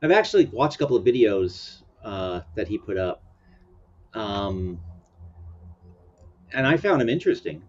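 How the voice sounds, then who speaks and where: A man's voice: on the low side, very animated, unhurried, long pauses, husky. A man hosting a casual commentary chat, chuckling often and meandering with fillers. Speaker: host. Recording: dull lo-fi sound.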